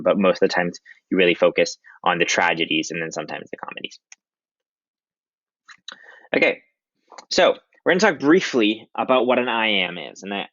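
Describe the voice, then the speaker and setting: Deep-voiced man teaching an English lesson. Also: fairly bright tone, no room sound. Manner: casual, many ums, friendly teacher talk. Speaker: high school English teacher. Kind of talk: recorded slideshow lecture. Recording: dry, dull lo-fi audio.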